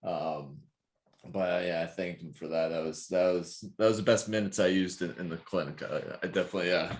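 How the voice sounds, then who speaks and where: A man's voice: low voice, steady tone, brisk. A man, a physical therapist co-hosting a podcast, telling stories casually with lots of fillers and laughter. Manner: laughs a lot, rambling with many fillers.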